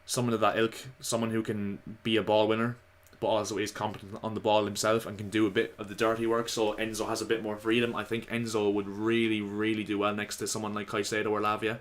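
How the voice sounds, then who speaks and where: A man giving casual, opinionated football commentary to his viewers, slightly hoarse. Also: fairly low pitch, level tone, fast talker, few pauses. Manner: chatty, opinionated, addresses viewers as lads. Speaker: football vlogger.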